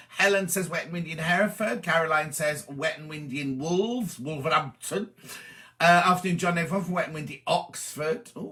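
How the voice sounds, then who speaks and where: A man's voice: fairly high pitch, bright, forceful tone. A man hosting a live stream, chatting and greeting viewers by name as he reads their messages aloud. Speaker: host. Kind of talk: live-stream chat reading viewer comments.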